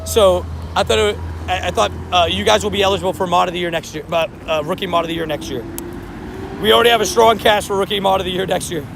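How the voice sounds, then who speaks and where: A man's voice: high-pitched, fast talker, creaky. A man hosting a live stream outdoors near traffic, chatting casually and rambling while laughing easily with viewers.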